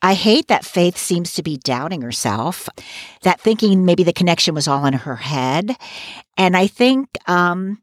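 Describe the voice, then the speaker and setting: A woman's voice: lowish voice, sing-song, unhurried, dry recording, clean studio sound. A woman co-hosting a podcast recap, talking in an opinionated, casual way and laughing between points. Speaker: podcast co-host.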